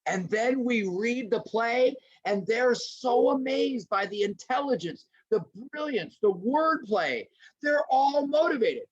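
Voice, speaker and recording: A middle-aged man presenting a lively webinar lecture to teachers, acting out little scenes as he goes. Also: extremely high pitch, slow pace. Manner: animated, acts out little scenes in voices. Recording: dull lo-fi webinar audio.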